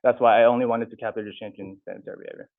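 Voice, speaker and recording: A young man, a student, answering audience questions after his talk, halting and often restarting his sentences. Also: medium pitch, steady tone, gravelly. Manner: halting, restarts and corrects himself. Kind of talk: unscripted Q&A answers. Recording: tinny, phone-like sound.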